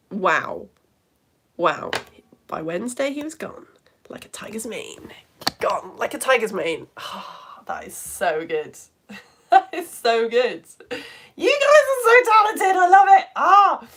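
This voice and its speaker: A woman's voice: medium pitch, a bit bright. A woman teaching a live online lesson, reading viewers' comments aloud in a bubbly, exclamatory way with delighted gasps.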